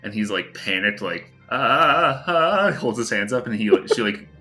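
A man's voice: on the low side, fairly even intonation, brisk, sharp tone, faint music behind. A man narrating as game master of a tabletop game, casual and hesitant, with many fillers.

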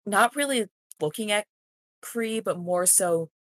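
A woman's voice: mid-range voice, lively intonation, a little slow, a bit bright, no room sound. A woman playing in a tabletop game, describing her character's actions hesitantly with many fillers. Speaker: player.

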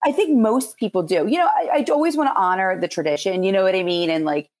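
A woman's voice: mid-range voice, lively intonation, fast, darkish tone. A woman with a Philadelphia accent, a Reiki practitioner chatting as a podcast guest in loose, rambling explanations. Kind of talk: casual interview chat.

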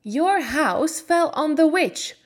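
A woman voicing a kind little old woman who is a good witch, speaking gently, slowly and clearly. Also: high voice, lively intonation, voice pushed up. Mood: kindly. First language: Slovak.

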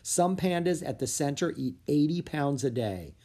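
A reader voicing a calm, patient male panda keeper who explains things politely. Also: mid-range voice, normal speed. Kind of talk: storybook read-aloud.

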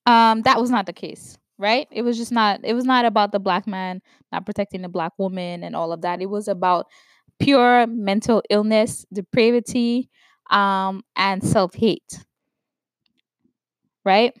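A woman from New York giving opinion commentary, stressing words slowly and checking in with "right?". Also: medium pitch, steady tone, no echo. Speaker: vlogger commenting on news.

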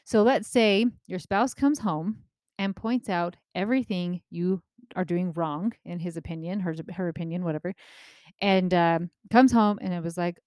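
Animated woman giving parenting advice, dry sound. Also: fairly low pitch, normal speed, no echo. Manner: animated, acts out quoted remarks, often asks "right?". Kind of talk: casual advice talk.

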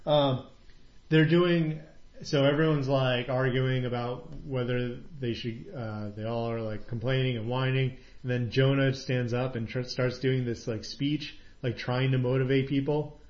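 A man's voice: medium pitch, fairly even intonation, a little slow. A man in an easygoing conversation, wandering through a retelling with frequent fillers and restarts. The room is echoey, and the recording sounds dull and lo-fi. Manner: rambling retelling with many fillers, quoting characters. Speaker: podcast co-host recapping a TV episode. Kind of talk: casual chat.

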